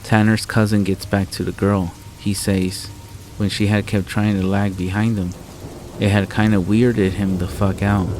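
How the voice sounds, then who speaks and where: A man narrating a scary story in a calm, measured, deadpan way. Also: lowish voice, a little hiss or hum, poor audio. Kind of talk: scripted narration. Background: rain and faint music.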